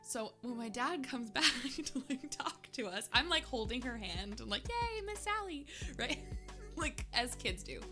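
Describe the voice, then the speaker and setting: A woman's voice: on the high side, expressive, normal speed, over music. A woman streamer telling a personal story in casual chat, laughing often and using lots of filler words.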